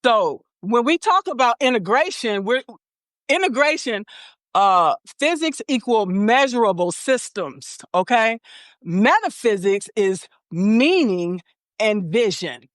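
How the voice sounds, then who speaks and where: A woman's voice: a little high, big pitch swings, takes it slowly, no room sound, studio quality. A woman hosting a podcast interview in casual chat, checking in with her guest with a frequent "okay?" as she explains. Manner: peppers talk with "okay?". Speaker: podcast host.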